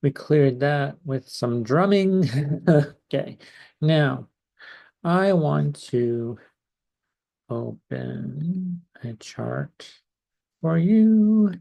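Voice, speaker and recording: Slow, gravelly-voiced man talking. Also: fairly high pitch, darkish tone. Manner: slow, hesitant, many pauses and fillers. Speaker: astrologer. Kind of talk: slow casual live-stream talk. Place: home in California.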